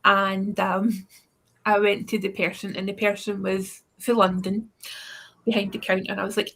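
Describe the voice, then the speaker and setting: A woman's voice: medium pitch, flat delivery, moderate pace, gravelly, a bit bright. A Scottish woman co-hosting a tarot livestream, chatting casually, laughing often and swearing now and then. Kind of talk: casual chat.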